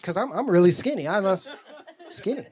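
Stand-up comic with a lively, swinging delivery. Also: male voice, high-pitched, brisk, very noisy. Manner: loose storytelling, acts out both sides of arguments. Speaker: stand-up comedian. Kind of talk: stand-up set. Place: comedy club stage.

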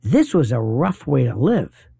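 A man's voice: medium pitch, very animated, a little slow, creaky, dark tone, breathy edge, no echo. A middle-aged man hosting a late-night talk radio show, delivering a rambling, opinionated and wry monologue.

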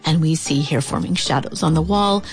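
A woman reading a rhyming picture book aloud in an expressive, playful way. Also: low voice, normal speed, faint music behind. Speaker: storyteller.

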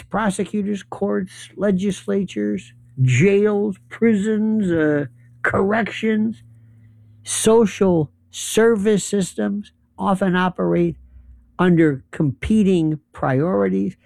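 A man's voice: high voice, gravelly, dark tone, no room sound, studio quality. A man giving a rambling, sardonic political commentary monologue, rattling off lists of issues.

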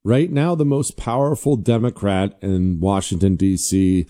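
A man's voice: fairly low pitch, measured pace, mellow. A man hosting a talk show, giving casual political commentary with sarcastic asides. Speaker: host.

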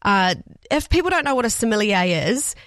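एक न्यूज़ीलैंड लहजे वाली महिला रेडियो होस्ट, जो सुबह के शो में गपशप भरे, खेलखूद अंदाज़ में सवाल पूछती है।. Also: female voice, a little high, sing-song, fairly quick, a bit bright, no room sound, clean studio sound. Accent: New Zealand. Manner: chatty, playful, stumbles over words. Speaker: radio breakfast host. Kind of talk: radio interview.

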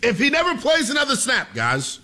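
A young man hosting sports talk radio, delivering a theatrical monologue that he keeps addressing to the listeners as ladies and gentlemen. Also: very high voice, huge pitch swings, normal speed.

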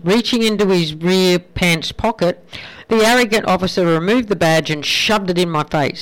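Playful male radio host telling jokes, high and crisp. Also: lively intonation, normal speed, fairly bright tone, low-quality recording. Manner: playful storytelling. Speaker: radio presenter. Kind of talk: telling jokes between songs.

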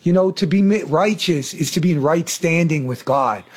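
A man's voice: fairly high pitch, moderate pace. A man hosting a faith talk show, preaching with fervent emphasis. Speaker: host, preacher.

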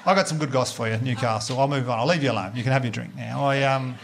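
A man's voice: mid-range voice, fast talker, gravelly. An Australian man doing a stand-up comedy set, chatty and sweary, acting out bits of dialogue with the crowd. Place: comedy venue with live audience.

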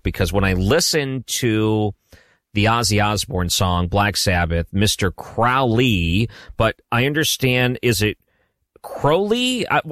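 Low-voiced male radio host, chatty and friendly, close dry studio mic. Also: fairly bright tone, dry recording. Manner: friendly, chatty, laughs often. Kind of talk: late-night talk radio interview.

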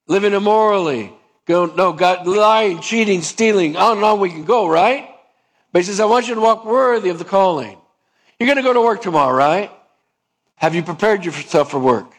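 A man preaching a sermon with a somewhat high-pitched voice. He asks the congregation questions and calls for an amen. He acts out everyday dialogues in shifting voices. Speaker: pastor.

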